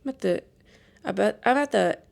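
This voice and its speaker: A woman in her late thirties, hosting a podcast and telling stories in a chatty, animated, self-deprecating way. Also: medium pitch, moderate pace, gravelly. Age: late 30s. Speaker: podcast host. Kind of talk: casual storytelling chat.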